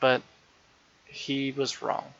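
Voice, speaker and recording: A man's voice: mid-range voice, completely flat delivery, extremely slow, creaky, fairly bright tone, no room sound, full character voice. Man voicing an eager little girl named Meg. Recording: dull, lo-fi dry recording.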